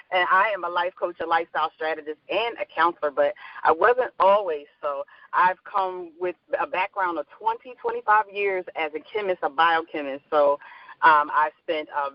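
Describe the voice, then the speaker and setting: A woman's voice: lowish voice, dry recording. A bubbly, chatty middle-aged woman with a Philadelphia accent, giving an interview as a life coach. Her voice comes through dull, lo-fi call audio with a dry sound. She laughs easily and often repeats herself. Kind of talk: casual interview talk.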